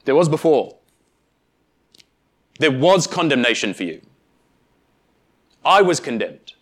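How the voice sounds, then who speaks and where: A man preaching a sermon, speaking emphatically with deliberate pauses and addressing the congregation directly. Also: medium pitch, sing-song, a bit bright. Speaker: pastor.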